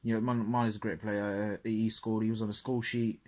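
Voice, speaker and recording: A man's voice: on the low side, level tone, brisk, darkish tone. A man co-hosting a casual football podcast, swearing freely and saying "mate" at every turn. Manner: laddish, swears a lot, says "mate" constantly. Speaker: podcast co-host.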